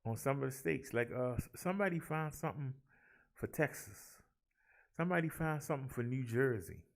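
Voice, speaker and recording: Brief: male vlog host, gravelly mid-range voice, theatrical and chatty, addresses the viewers as y'all. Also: mid-range voice. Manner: theatrical, rolls his R's, talks to viewers as y'all. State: out of breath. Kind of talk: casual chat and daily numbers rundown.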